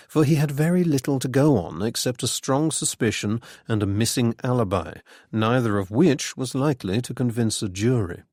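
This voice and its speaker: A man narrating a mystery novel in measured, even storytelling. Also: mid-range voice, no echo, clean studio sound. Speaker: audiobook narrator. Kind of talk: scripted narration.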